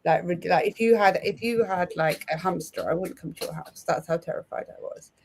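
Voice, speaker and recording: A woman's voice: on the low side, brisk, a little hiss or hum. Candid, chatty woman on a panel. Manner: candid, self-reflective, chatty. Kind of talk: casual panel discussion.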